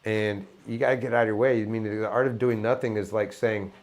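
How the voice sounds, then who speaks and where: A middle-aged musician in casual conversation, talking reflectively and telling animated stories. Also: male voice, fairly low pitch, brisk. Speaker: musician guest.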